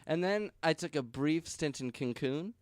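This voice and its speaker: A man co-hosting a podcast in casual chat, joking quickly and going off on tangents. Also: on the high side, lively intonation, dry recording, studio quality. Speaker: podcast co-host.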